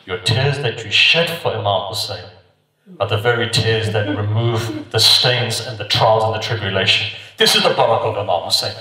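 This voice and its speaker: A man's voice: on the low side, normal speed, bright, forceful tone. A man giving an impassioned sermon at a mourning gathering, with rhythmic repeated refrains and emphatic rises and drops. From United Kingdom. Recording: very echoey, voice from a distance.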